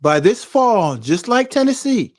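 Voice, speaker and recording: A man's voice: sits high, very animated, measured pace, a little mellow. A man co-hosting a casual show, teasing his friend in a playful, mock-serious way. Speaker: co-host.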